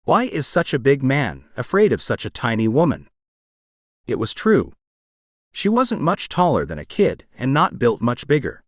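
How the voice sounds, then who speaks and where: A man reads a first-person romance audiobook with a wry, self-aware storyteller's touch. His pitch moves through a very wide, animated range at a middling level. The sound is dry and close, with no room around it. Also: normal speed, no echo. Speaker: audiobook narrator.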